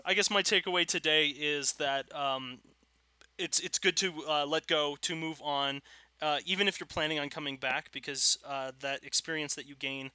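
A man chats casually on a podcast with quick, joking remarks. His voice is very bright, set a little high, and recorded close and dry. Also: steady tone, clear, resonant tone, no room sound. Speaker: podcast co-host. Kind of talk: casual chat.

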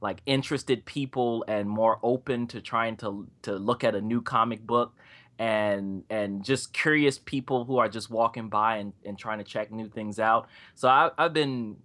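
A man's voice: on the low side, moderate pace, fairly bright tone. A man talking on a comics panel, hesitant and repeating his words. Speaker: comic creator. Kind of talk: casual panel chat.

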